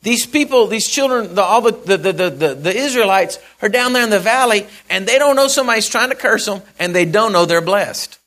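A man preaching a sermon in a folksy storytelling way, acting out the characters and repeating phrases, swinging from loud to soft. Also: high-pitched, expressive, fairly quick, hardly any pauses.

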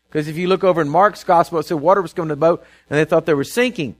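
A man's voice: fairly high pitch, very fast, few pauses. A man, preaching a sermon as a pastor. He tells the story in a casual, conversational way, stammering through restarts and often checking in with "right?" and "okay?".

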